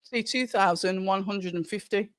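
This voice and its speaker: A woman's voice: medium pitch, normal speed, no room sound, studio quality. Chatty woman hosting a livestream. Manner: chatty, reads viewer comments aloud. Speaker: livestream host. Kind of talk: casual live commentary chat.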